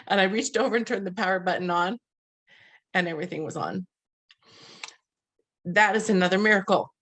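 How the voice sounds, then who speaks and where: A woman's voice: medium pitch, moderate pace, pauses often, a bit bright. Middle-aged woman host, earnest and heartfelt storytelling, medium voice. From western United States. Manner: earnest, heartfelt, with frequent restarts and quoted dialogue. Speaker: webinar host. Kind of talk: personal storytelling.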